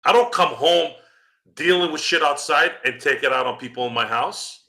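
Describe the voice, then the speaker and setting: A male podcast host delivers a profane, angry rant. His voice is very bright and cutting, dropping into a low growl before flaring into loud outbursts. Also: normal speed, vocal fry. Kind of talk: profane ranting commentary.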